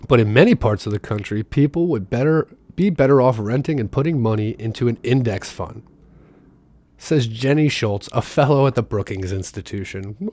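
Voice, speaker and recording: A man's voice: medium pitch, expressive, normal speed, darkish tone, dry recording. Sarcastic man reading news aloud. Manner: sarcastic, breaks off to mock the text. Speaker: political commentator.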